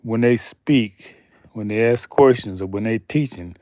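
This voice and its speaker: A man hosting a slow, deliberate commentary monologue, emphatic and pausing often, asking pointed rhetorical questions. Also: fairly low pitch, dark tone, no echo, studio quality. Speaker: channel host.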